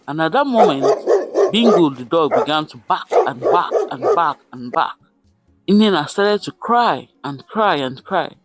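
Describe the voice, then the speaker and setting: A man's voice: high-pitched, no room sound. A man telling a folktale dramatically, repeating words for effect. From Nigeria. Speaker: storyteller. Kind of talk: folktale narration.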